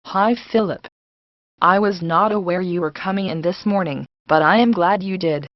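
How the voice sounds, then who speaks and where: A woman voicing a middle-aged male boss who speaks in a calm, measured, firm way, in a dull, lo-fi recording. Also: lowish voice, dry recording, natural voice.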